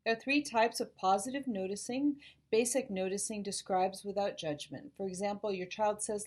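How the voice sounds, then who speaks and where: A woman school psychologist calmly explaining parenting ideas to parents, modeling gentle phrases to say to children. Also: medium pitch, moderate pace. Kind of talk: informational talk to parents.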